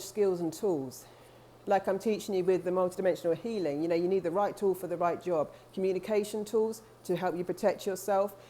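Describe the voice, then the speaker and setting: A woman talking earnestly to camera as a spiritual coach, chatty and warm-hearted, with restarts and asides. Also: lowish voice, slight background noise. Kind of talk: casual talk to camera.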